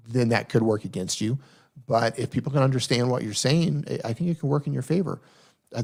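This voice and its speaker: A man's voice: medium pitch, gravelly, a little mellow. Man hosting a live Q&A. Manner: coaching, repeats himself, reads chat aloud. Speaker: host. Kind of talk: live stream Q&A. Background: faint funk music.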